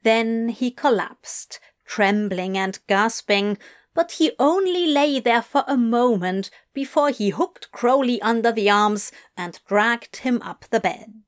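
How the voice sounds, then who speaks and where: A woman narrating fan fiction in a soft, hushed, intimate reading voice. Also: a little high, slow.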